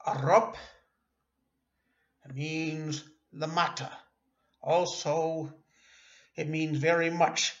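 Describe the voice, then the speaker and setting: Teaching a slow spoken language lesson, a man speaks patiently, hesitating with fillers and self-corrections and pausing often. His voice is a little high and fairly bright, with fairly even intonation and a slow pace; the sound is dull, lo-fi, and echoey.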